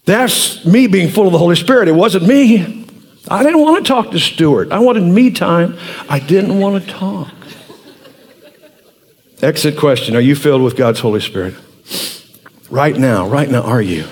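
A man in his sixties, a pastor telling a story in a sermon in an animated, earnest way. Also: a little high, unhurried, long pauses.

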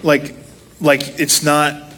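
Bright-voiced man preaching a casual sermon. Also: fairly high pitch, completely flat delivery, extremely slow. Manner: self-deprecating, joking storyteller. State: walking with a limp, sitting to preach.

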